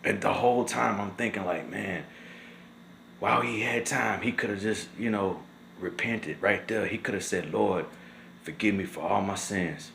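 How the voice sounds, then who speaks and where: A man's voice: creaky, a bit bright, slight background noise. A young man, talking to camera in casual, emotional commentary. He is upset and indignant and says "man" again and again. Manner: drawn-out and low when shaken, rises sharply when angry. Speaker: vlogger.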